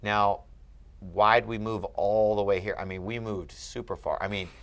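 Low-voiced man tutoring Greek grammar. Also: fairly even intonation, normal speed. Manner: patient, questioning, emphatic on key points. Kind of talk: one-on-one Greek grammar lesson.

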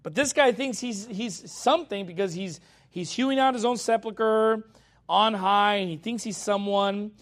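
A man with a notably high-pitched voice delivers a verse-by-verse sermon as a pastor. His talk stays casual, with frequent "okay?" check-ins. When he reads scripture, he slows down and lifts his voice. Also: fairly bright tone. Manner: conversational, often checks in with the congregation; reads scripture in a slower, raised voice. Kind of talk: expository sermon.

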